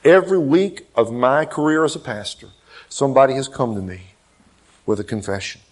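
A male pastor preaching a sermon, swinging between loud emphatic peaks and quiet low asides, acting out quoted dialogue. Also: moderate pace. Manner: acts out quoted dialogue in changed voices.

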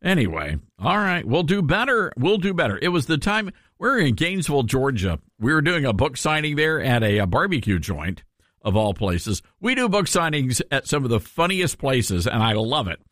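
A man's voice: on the high side, moderate pace, no room sound, clean studio sound. A man hosting a talk radio show with a Southern accent, chatting in a folksy, jokey way. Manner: folksy, jokey, lively storytelling. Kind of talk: talk radio chat and live ad reads. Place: radio studio.

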